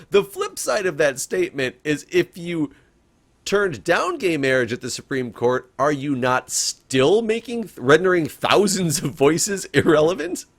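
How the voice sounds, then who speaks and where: A young adult man co-hosting a casual podcast chat, animated and self-correcting, laughing often as he talks. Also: on the high side. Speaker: podcast co-host.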